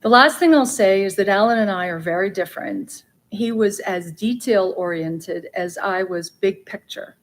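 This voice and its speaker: A woman at a memorial on a theater stage, speaking in a reflective way. Her pitch sits in the middle of the usual range for a woman. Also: moderate pace, hardly any pauses, slight background noise. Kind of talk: speech at a memorial event.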